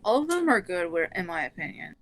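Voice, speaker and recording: A woman's voice: on the low side, big pitch swings, fast talker, a bit bright. A woman guest speaking casually on a stream, answering in a hesitant, plainspoken way. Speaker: guest artist.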